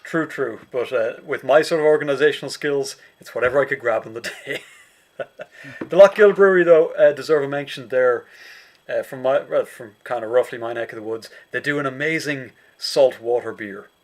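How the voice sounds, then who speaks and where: A man's voice: medium pitch, fairly quick. Irish man, host, casual chat, rambling, dry jokes, video call. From Ireland. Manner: rambling, dry jokey asides.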